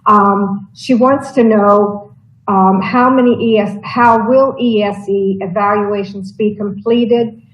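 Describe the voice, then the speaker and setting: Woman, board member, halting and filler-heavy speech, roomy echoey sound. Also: mid-range voice, fairly even intonation, muffled recording. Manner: hesitant, stammering, many ums. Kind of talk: board meeting questions.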